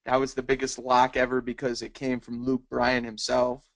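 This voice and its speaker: A man's voice: medium pitch, completely flat delivery, moderate pace, vocal fry, fairly bright tone. A man co-hosting a podcast in casual chat, talking emphatically. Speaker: podcast co-host.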